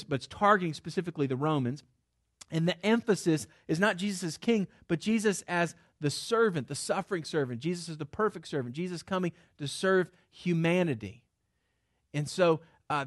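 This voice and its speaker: A man's voice: fairly high pitch, no echo. Man teaching a Bible class, dry close sound. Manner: loose, conversational, with many fillers and restarts. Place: room with a small group of listeners.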